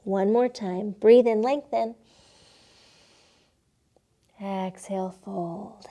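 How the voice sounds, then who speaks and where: A young woman gently guiding children through a yoga class, playful and encouraging, sometimes making animal sounds. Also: mid-range voice, fairly even intonation, slow. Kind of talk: guided kids' yoga instruction.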